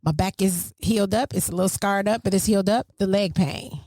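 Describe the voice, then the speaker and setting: A middle-aged woman hosting a casual family podcast, telling a story with lively, swinging emphasis. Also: fairly quick, dry recording, clean studio sound. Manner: animated, storytelling, swings pitch widely for emphasis. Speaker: podcast host.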